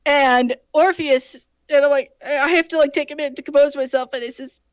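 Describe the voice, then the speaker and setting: A woman game master casually retelling a tabletop session in an animated way, with many fillers and restarts. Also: high-pitched, a little fast, no room sound. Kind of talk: casual storytelling.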